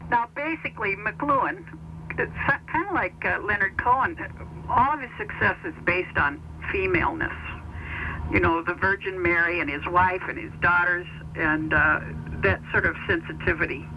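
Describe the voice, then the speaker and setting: Man, rambling casual musing, hesitant, fairly high voice, very bright tone. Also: moderate pace, slight background noise, low-quality recording. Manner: rambling, hesitant, thinking aloud.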